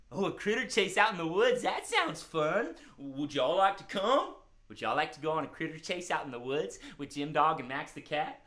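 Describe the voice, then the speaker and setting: A high, bright-voiced man hosts a children's music livestream, cheerful and chatty, talking straight to the kids watching. His voice rings in an echoey room, with faint music behind it. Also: animated, normal speed. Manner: upbeat, chatty, addresses the kids directly. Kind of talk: live-streamed children's show.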